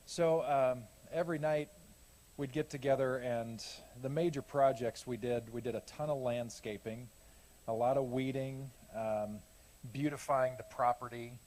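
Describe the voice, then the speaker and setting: A man's voice: mid-range voice, fairly even intonation, unhurried, a little mellow. A man giving a casual, rambling report on a church mission trip, often correcting himself and laughing at his own jokes. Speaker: church mission team speaker.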